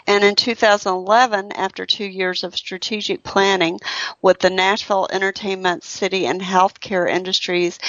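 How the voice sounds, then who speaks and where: A woman's voice: on the low side, fairly bright tone, no room sound. Woman radio host with a faint southern accent. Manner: upbeat, reads guest bios with emphasis. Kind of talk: talk radio introductions. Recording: dry, slightly dull studio sound.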